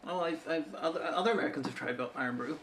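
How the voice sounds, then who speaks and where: A woman's voice: low-pitched, very fast, slight background noise. A woman co-hosting a casual chat, rambling through stories and jokingly bragging. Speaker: co-host.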